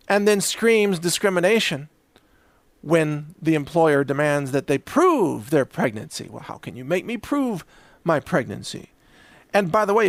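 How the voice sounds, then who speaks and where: Animated, mocking male commentary host. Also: fairly high pitch, dry recording. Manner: sarcastic, mocking, acts out quoted voices. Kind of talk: opinion commentary monologue.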